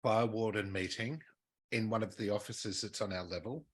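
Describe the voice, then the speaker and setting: Aussie guy podcast cohost, kinda husky, lowish voice, laughs a lot while telling stories. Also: normal speed. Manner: animated storyteller, laughs often, acts out quotes. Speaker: podcast co-host. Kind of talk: casual chat.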